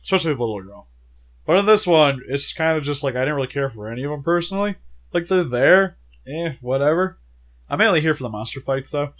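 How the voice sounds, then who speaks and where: A young man talks over a movie review in a casual, chatty way, his voice slightly high and swinging up and down a lot. He sounds sick and worn down, but he keeps tossing in fillers and jokes. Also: fast. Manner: animated, chatty, many "like" fillers. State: sick, feeling unwell. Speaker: co-host of a movie review show.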